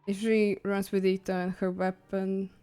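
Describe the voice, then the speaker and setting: A giggly woman chats casually with her viewers while she plays a video game, breaking into excited squeals now and then. English is not her first language, and her voice sits at an ordinary middle pitch. Soft game music plays behind her. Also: moderate pace, clear, resonant tone. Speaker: live streamer. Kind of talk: casual gaming stream chat. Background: faint game music.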